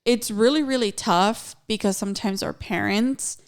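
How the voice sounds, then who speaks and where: A woman's voice: mid-range voice, normal speed, clear, resonant tone. A woman co-hosting a casual podcast, talking in an earnest, reflective way and slipping in Spanish phrases. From Mexican-American. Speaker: podcast co-host.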